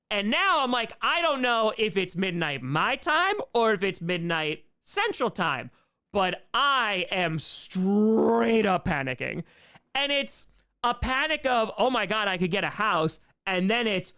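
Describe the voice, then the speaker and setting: A man hosts a casual live Q&A stream, spinning a story in a rambling, excitable way. His voice is smooth and resonant. He keeps slipping quoted asides into the telling. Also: sits high. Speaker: comedy streamer and host.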